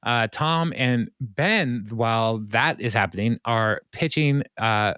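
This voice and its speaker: A man hosting a podcast, casually recapping an episode, rambling with lots of ums and uhs and quick laughs. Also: mid-range voice, sharp tone, clear, resonant tone, no room sound, clean studio sound. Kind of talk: casual chat.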